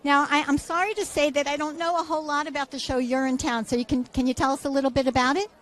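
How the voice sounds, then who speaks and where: A woman with a high, bright-sitting voice chats with nominees at an awards event. She keeps things light and encouraging, tossing in little asides between questions. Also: steady tone, quick pace. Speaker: event interviewer. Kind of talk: casual red-carpet chat.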